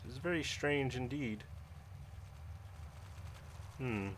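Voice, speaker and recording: A man's voice: mid-range voice, slow pace, a bit bright, slight background noise. A man voicing a pompous, zealous paladin who hates monsters, speaking in formal old-fashioned phrases as he plays a game. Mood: pondering. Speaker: game player role-playing his character. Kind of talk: in-character role-play over gameplay.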